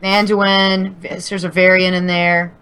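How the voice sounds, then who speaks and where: Bright-voiced woman podcast co-host. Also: on the low side, level tone, slow, clean tone. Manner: rambling, with fillers and restarts, swears casually. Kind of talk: casual podcast chat.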